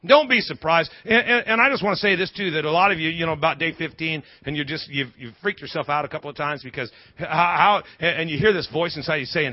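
Animated, husky-voiced preaching man. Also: on the high side, no room sound, muffled recording. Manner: animated, humorous preaching with quick asides and repeated words. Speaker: pastor. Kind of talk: sermon.

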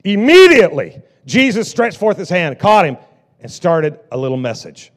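A middle-aged male pastor preaching a sermon, swinging between loud bursts and hushed lines. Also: high voice, big pitch swings, moderate pace.

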